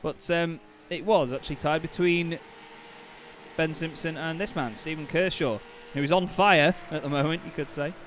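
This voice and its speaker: A young man calls a sim race with a fairly high voice and an easy, joking manner. He laughs readily between race calls. A faint noise floor sits under the recording. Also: moderate pace, fairly bright tone. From Britain. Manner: chatty, laughs often, banters with co-commentator. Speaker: sim racing commentator. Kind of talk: live race commentary.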